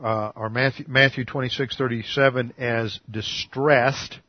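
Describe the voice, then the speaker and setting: A pastor delivers an earnest teaching sermon in a slightly husky, mid-pitched male voice, leaning on key words by slowing right down. The recording is dull and lo-fi, with a dry, close sound. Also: steady tone, no room sound. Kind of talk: expository sermon.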